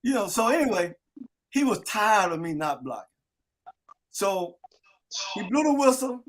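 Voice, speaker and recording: A man hosting a sports talk show, telling animated stories to his old teammates. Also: high-pitched, measured pace. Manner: lively storyteller acting out quotes. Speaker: host. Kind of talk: casual storytelling with old teammates.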